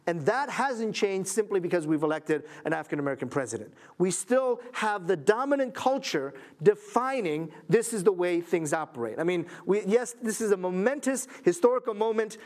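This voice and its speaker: A man's voice: high-pitched, lively intonation, normal speed, few pauses, a little mellow. A man lecturing a church audience, earnest and emphatic, with wry asides. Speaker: lecturer at a Christian school.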